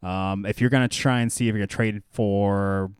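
A man's voice: fairly low pitch, steady tone, moderate pace, clear, resonant tone, dry recording, clean studio sound. A man co-hosting a casual fantasy football chat, talking loosely with lots of fillers and restarts. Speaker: podcast co-host.

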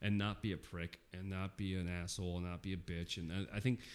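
A man's voice: low voice, little pitch movement, fairly quick, clear, resonant tone. A man hosting a casual podcast chat, laid-back and swearing freely. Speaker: podcast host.

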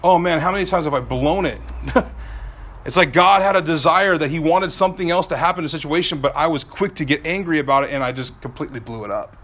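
Male pastor, thirties, high and bright voice, animated preaching, dips soft then climbs loud. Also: fast. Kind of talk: sermon.

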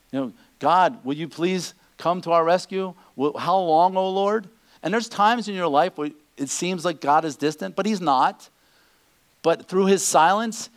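A man preaching a sermon, animated, acting out the people he quotes. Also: sits high. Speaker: pastor.

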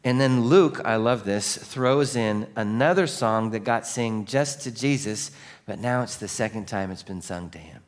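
A man preaching a sermon as a pastor, animated and full of questions to the congregation, dropping to a slow, quiet voice for solemn points. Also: on the low side.

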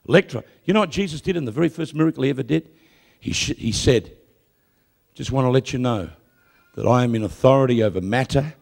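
Gravelly-voiced man preaching a lively sermon. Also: medium pitch. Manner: lively storytelling with jokes, rising to loud proclamation. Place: church or hall with a live audience.

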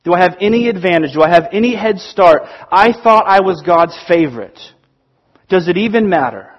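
A man's voice: sits high, expressive, moderate pace, lo-fi sound. A man voicing an imagined student who raises his hand to object, asking earnest questions. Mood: pleading, questioning.

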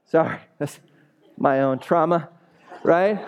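A man's voice: a little high, expressive, a little slow, a little mellow. Man preaching a conversational sermon. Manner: conversational, checks in with listeners. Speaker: pastor. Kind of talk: sermon and closing prayer.

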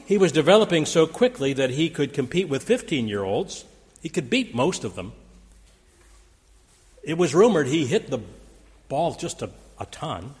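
A man's voice: a little high, sing-song, normal speed, long pauses, a little mellow. Man, pastor, dramatic sermon delivery, long church reverb. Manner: dramatic, quoting scripture with raised force. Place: church sanctuary.

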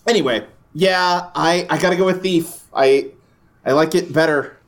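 A man co-hosting a casual gaming podcast, relaxed and chatty, with lots of fillers and the odd swear. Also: fairly high pitch, normal speed. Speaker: podcast co-host. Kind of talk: casual chat.

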